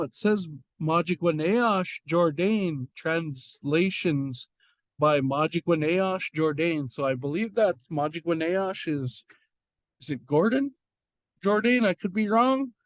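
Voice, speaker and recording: A man teaching an informal language lesson, slowly repeating and sounding out words, with frequent fillers. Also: a little high, no room sound. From Red Lake.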